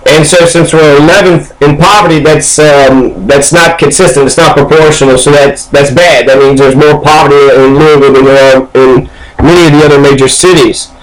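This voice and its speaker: A man's voice: on the high side, fairly even intonation, moderate pace, poor audio. A man from Kentucky giving casual news commentary, reading passages aloud and then reacting with frequent ums and uhs.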